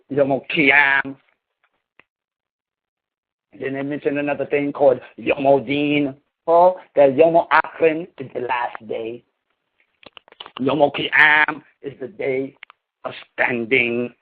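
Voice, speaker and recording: A man preaching to his followers in an emphatic, scolding manner, slangy and salted with cursing. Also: mid-range voice. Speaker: spiritual leader. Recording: tinny phone-like sound.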